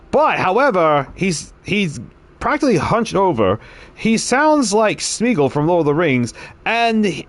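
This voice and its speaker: A man streaming a game, chatting casually and telling rambling stories with frequent chuckles. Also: high-pitched. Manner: rambling, chuckling, animated storytelling. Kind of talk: casual chat on a livestream.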